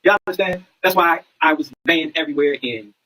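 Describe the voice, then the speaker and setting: Brief: male streamer, rapid-fire delivery, bright edgy tone, preachy and repetitive. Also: fairly high pitch, low-quality recording. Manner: preachy, repeats lines, asks listeners if they understand. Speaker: livestream host. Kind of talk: numerology livestream monologue.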